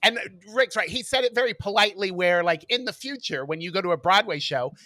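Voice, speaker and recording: A man's voice: high voice, animated, fairly quick, bright, forceful tone, dry recording, studio quality. A male podcast co-host telling a story in casual chat, frank and wry, swearing for emphasis.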